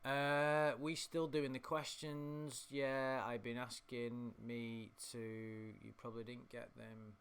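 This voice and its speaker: English man, bright forceful voice, rambling sweary rant, mocking commentary. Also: mid-range voice, level tone, slow, few pauses, clean tone. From England. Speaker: commentator reading chat logs. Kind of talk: casual reading and ranting commentary.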